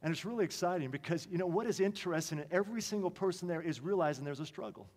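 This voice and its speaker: A man preaching a sermon with passion, swinging from emphatic lines to quiet ones. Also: high voice, lively intonation, rapid-fire. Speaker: pastor. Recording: long reverb of a large hall.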